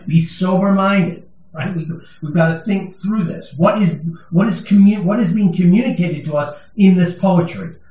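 A male pastor delivers a sermon in a church sanctuary, speaking conversationally and emphatically with bits of humor. His voice sits slightly high and has a dark tone. The recording is echoey, with him heard from a distance.

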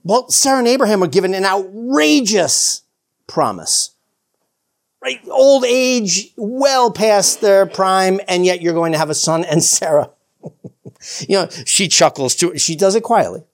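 Preacher, conversational sermon, animated pitch, chuckles, lots of "you know", acts out dialogue. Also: unhurried. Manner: informal, chuckles often, frequent "you know"; acts out biblical dialogue in quoted voices.

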